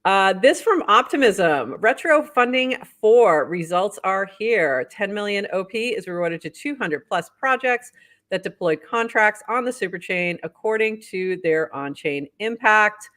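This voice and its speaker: A woman's voice: medium pitch, expressive, measured pace, a bit bright. Woman co-host, upbeat casual chat, reads stuff out, laughs a lot. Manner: upbeat, reads posts aloud, laughs often. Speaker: podcast co-host. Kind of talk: casual news roundup chat.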